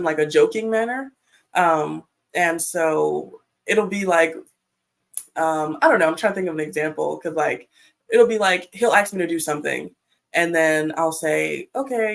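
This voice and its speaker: A woman's voice: on the low side, creaky, rough recording. A married woman speaking as a guest in a casual group discussion, hesitant and full of fillers.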